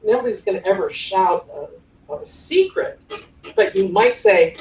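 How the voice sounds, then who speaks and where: A woman in her forties from the Cleveland area giving a playful, lively workshop talk to a room, acting out tones of voice as she goes. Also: medium pitch, moderate pace, vocal fry. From Cleveland area, USA. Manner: animated, playful, demonstrates tones of voice. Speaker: conference presenter. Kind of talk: live workshop talk on podcast voice technique. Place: conference room with audience. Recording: roomy live room recording from a distance.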